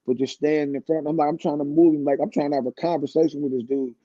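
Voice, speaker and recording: A man in his fifties tells a rambling, laid-back story as a guest on a radio talk show. His voice is mellow and pitched a touch high for a man. The studio sound is dry and slightly dull. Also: fairly even intonation, quick pace, dry recording. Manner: laid-back, rambling anecdotes with frequent restarts. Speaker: guest singer. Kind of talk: casual storytelling.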